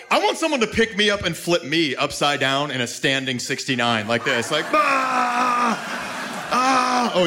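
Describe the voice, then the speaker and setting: A man doing a crude stand-up comedy set on a club stage, brash and prone to sudden yelps, on a handheld mic. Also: sits high. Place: comedy club stage before a live audience. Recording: live club recording with noisy room.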